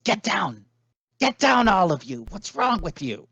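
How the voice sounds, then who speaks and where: A woman's voice: mid-range voice, sing-song, a little slow, fairly bright tone, slightly rough, no echo, voice pushed up, exaggerated voice. An actor voicing a sneaky woman scout who whispers warnings urgently, in a dull lo-fi recording. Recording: dull lo-fi dry sound.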